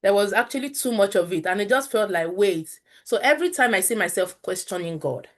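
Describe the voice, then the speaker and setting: This is a Nigerian-accented woman in her thirties, a guest on an interview show. She tells a personal story in a candid, earnest way and slips easily into Pidgin phrases. Her voice sits at an ordinary mid pitch. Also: lively intonation, brisk.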